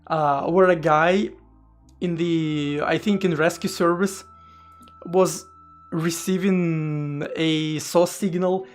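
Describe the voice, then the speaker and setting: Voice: medium pitch, fairly even intonation, slow. A streamer chatting casually during a live coding session, rambling with stammered restarts and casual swearing, faint music behind.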